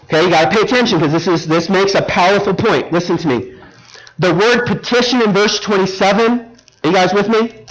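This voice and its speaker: A man's voice: high voice, brisk, poor audio. A man preaching a sermon, explaining Bible verses word by word and often asking the congregation if they are following along. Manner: engaging, repeatedly checks in with the congregation; teacherly, walks through Bible verses word by word. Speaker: pastor.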